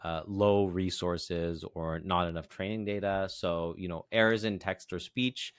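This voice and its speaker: A man co-hosts a podcast, patiently explaining ideas in a casual chat and often checking in with "right?" and "you know". His deep voice is steady and measured, and the studio sound is clean with no echo.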